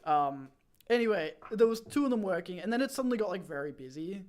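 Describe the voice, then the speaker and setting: A man's voice: high-pitched, expressive, quick pace, a little mellow. A young man in his twenties, hosting a stream and rambling through a story with lots of fillers and restarts. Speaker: streamer host. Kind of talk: casual chat.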